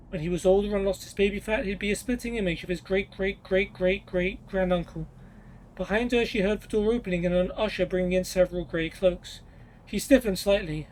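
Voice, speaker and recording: A man reading a long in-game story aloud in a steady storytelling manner, with small stumbles. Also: high-pitched, a little hiss or hum, rough recording.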